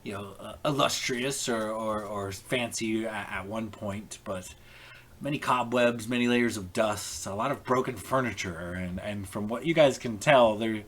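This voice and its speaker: A man narrating a tabletop role-playing game as game master online, halting, with many fillers and restarts. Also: lowish voice, a bit bright. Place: home, online call.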